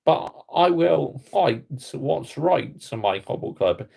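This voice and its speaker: Fan-channel host, West Country man, unhurried and croaky, indignant and blunt, repeating stock phrases. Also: fairly high pitch, animated, mellow. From Somerset, England. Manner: indignant, blunt, repetitive catchphrases. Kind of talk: ranting reaction vlog.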